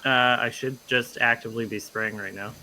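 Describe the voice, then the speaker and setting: A man with a bright, crisp-edged voice, dropping dry quips and describing what he sees in the game. He talks in casual stream chat. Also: lowish voice, steady tone, a little fast, slight background noise.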